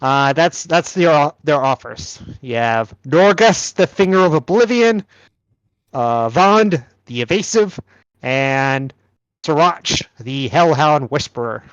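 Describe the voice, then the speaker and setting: Guy running a tabletop game, talks in a lively singsong, dry mic. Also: on the high side, clean tone, no echo, muffled recording. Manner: describes scenes with fillers and quick laughs. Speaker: game master.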